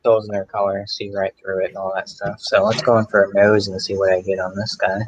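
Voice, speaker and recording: A man's voice: fairly low pitch, flat delivery, fairly quick, dull audio. A man tasting beer and describing it in a rambling, casual way as a guest on a video call.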